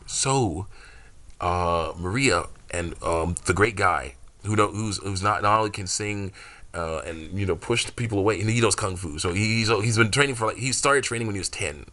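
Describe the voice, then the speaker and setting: Rambling man with a bright voice. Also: deep voice, normal speed. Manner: rambling, many fillers, frequent laughs. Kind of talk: casual monologue about his fan story.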